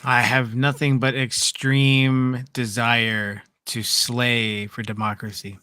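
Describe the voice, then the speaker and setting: A man with a bright, forceful voice trades quick, chipper remarks in a casual podcast chat. His sound is dry and close to the mic. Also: mid-range voice, flat delivery, clean tone, dry recording. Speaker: co-host.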